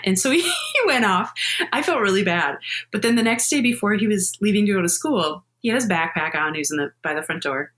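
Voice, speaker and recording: A woman's voice: medium pitch, sing-song, brisk, fairly bright tone. A middle-aged woman, a podcast guest, chatting candidly and telling personal stories with frequent laughter. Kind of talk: casual conversational interview.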